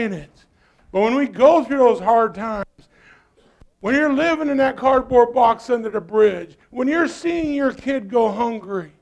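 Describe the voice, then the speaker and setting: A male pastor preaching a sermon in a church, calling out to the congregation and using folksy phrasing. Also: high voice. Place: church sanctuary.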